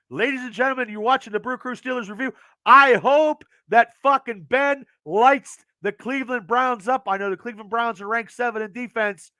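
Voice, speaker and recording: A man hosting a podcast, ranting passionately about his team with lots of swearing, swinging between loud outbursts and quieter stretches, his voice getting worn. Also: high-pitched, smooth, dry recording. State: losing his voice. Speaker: podcast host. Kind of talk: fired-up sports rant.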